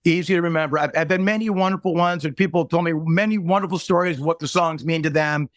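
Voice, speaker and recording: Man, musician guest, high voice, choked up, earnest, dry close sound. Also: fairly even intonation, no echo. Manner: earnest, halting with many restarts. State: choked up, near tears. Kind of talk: emotional interview storytelling.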